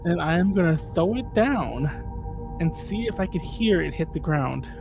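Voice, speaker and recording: A man's voice: on the high side, lively intonation, moderate pace, vocal fry, music in the background. A drunk man playing a tabletop game, making jokey asides. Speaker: player. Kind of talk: casual tabletop play.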